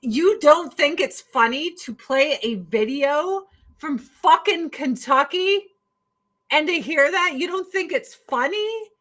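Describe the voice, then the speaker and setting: High-pitched lady ranting on her stream, slow and sarcastic, swears a lot. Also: animated, a bit bright, rough recording. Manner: sarcastic, profane, exasperated. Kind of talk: casual ranting commentary.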